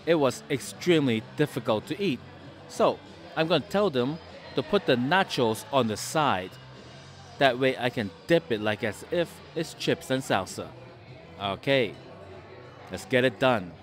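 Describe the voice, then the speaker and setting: A man's voice: mid-range voice, lively intonation, measured pace, soft background music. A man hosting a casual food vlog in a sports bar restaurant, chatting and rambling through anecdotes. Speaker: food and travel vlogger.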